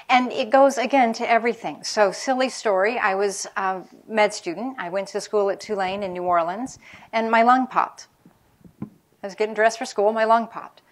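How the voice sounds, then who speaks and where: A middle-aged woman physician giving a public lecture on caregiving, speaking frankly and telling personal stories. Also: mid-range voice. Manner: candid, anecdotal, speaks frankly about caregivers' feelings. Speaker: palliative care physician.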